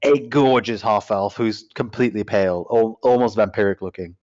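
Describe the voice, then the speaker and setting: A man running a tabletop game who describes characters haltingly, stumbling over names and restarting his sentences. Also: lowish voice, a little mellow. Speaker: game master. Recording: dull lo-fi sound.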